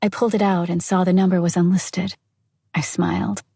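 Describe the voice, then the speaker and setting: A woman narrating a novel in the first person, in an even, intimate storytelling manner. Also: lowish voice, a little fast, gravelly, slightly rough, dry recording, clean studio sound. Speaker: audiobook narrator.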